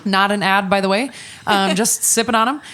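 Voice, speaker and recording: A woman's voice: mid-range voice, steady tone, normal speed, a bit bright. A woman hosting a podcast, chatting casually and candidly, swearing freely and speaking with animation, with a touch of hiccups. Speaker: podcast host. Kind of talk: casual chat.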